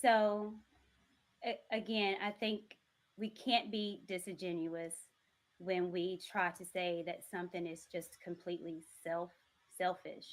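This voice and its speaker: A woman with a Southern US accent, a content creator speaking in a measured, earnest way on a panel discussion. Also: on the low side, fairly even intonation.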